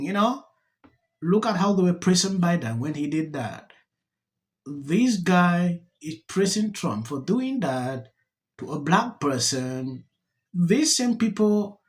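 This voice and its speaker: A narrator reading political commentary in a slow, deliberate way. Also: medium pitch.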